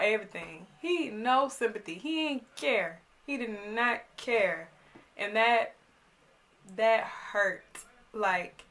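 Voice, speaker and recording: A woman's voice: medium pitch, sharp tone. A young woman, animatedly retelling a personal story in a vlog. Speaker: vlogger.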